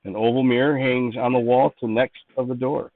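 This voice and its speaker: A man's voice: mid-range voice, fairly even intonation, brisk, narrow, tinny audio. A man narrating as game master, describing rooms and thinking aloud as he sets each scene.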